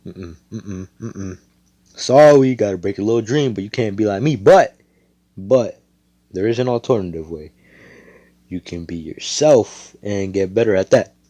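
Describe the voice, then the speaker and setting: A man's voice: lowish voice, a little slow, mellow, dry recording. A man doing a brash cocky young hero. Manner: swaggering, swears freely.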